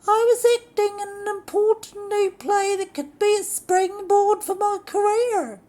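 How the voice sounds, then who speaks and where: A shrieking melodramatic actress. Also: female voice, extremely high pitch, steady tone, measured pace, warm tone, voice pushed up. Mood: indignant shrill. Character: shrill theatrical woman, a stage actress, indignant.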